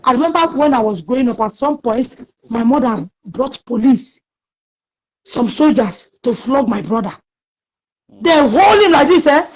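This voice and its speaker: A woman's voice: on the high side, expressive, normal speed, slightly rough. A Nigerian woman giving passionate opinion talk, scolding and emphatic, with pidgin phrases mixed in, on a muffled lo-fi recording.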